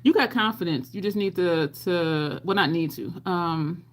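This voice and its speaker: A woman's voice: on the low side, measured pace. A middle-aged woman hosting a makeup livestream, chatting casually with viewers as she works, laughing often and acting out people in her stories. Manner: chatty, reads and answers live chat, laughs often. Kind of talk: casual chat while doing makeup.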